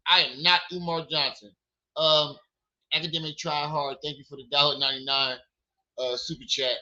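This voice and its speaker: A man's voice: a little high, little pitch movement, normal speed, bright, forceful tone, highs cut off. A man hosting a livestream, ranting angrily and profanely, firing off questions to a woman he is arguing with. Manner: angry, profane, repeated questions. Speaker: livestream host. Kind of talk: heated livestream commentary.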